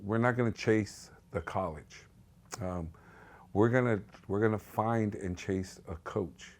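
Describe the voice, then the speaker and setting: A man's voice: fairly low pitch, a little slow. A middle-aged man, a parent, telling stories in a conversational way during a documentary interview. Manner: conversational storytelling. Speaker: parent of an athlete.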